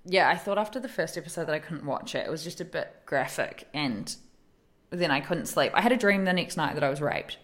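A woman co-host chats casually, telling animated stories and acting out what people said. She laughs often. Her voice sits a little low. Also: a little fast. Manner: animated storyteller, acts out quotes, laughs often. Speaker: podcast co-host. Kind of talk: casual chat.

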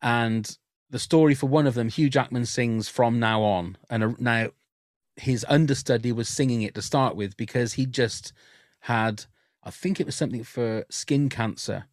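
A man chatting on a podcast, voice at an ordinary middle pitch and recorded close and dry with no room sound. He tells candid stories and often restarts his sentences as he goes. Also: normal speed, dry recording. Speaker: podcast guest. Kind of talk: casual podcast chat.

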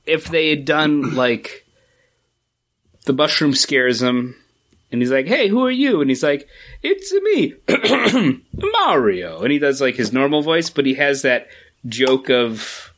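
A man's voice: medium pitch, sing-song, measured pace, fairly bright tone. A man with a lingering cough, co-hosting a casual podcast chat about comic books and rambling with fillers. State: coughing, getting over a cold. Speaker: podcast co-host.

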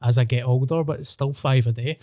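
A man's voice: medium pitch, brisk, dry recording, studio quality. A Scottish man hosting a podcast, telling crude stories in casual chat with lots of laughter. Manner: crude, animated storytelling with frequent laughter. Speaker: podcast host.

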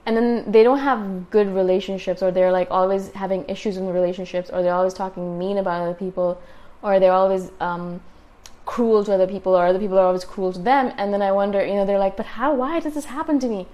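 Woman podcaster just chatting, lots of you know and like, mid pitch. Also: little pitch movement, fast, mellow, lo-fi sound. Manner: chatty, rambling, many fillers and restarts. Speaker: podcast host. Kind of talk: casual solo talk. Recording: solo podcast.

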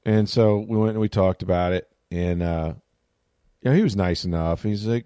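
A man's voice: deep voice, moderate pace, warm tone, clear, resonant tone, dry recording, studio quality. A middle-aged man hosting a sports talk show, telling a story in a casual, rambling way and interrupting himself often. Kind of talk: casual chat.

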